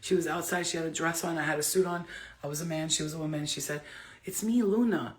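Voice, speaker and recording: A woman chatting casually into her phone camera for a vlog, excitable and rambling, swearing freely as she goes. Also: sits low, fast. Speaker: vlogger.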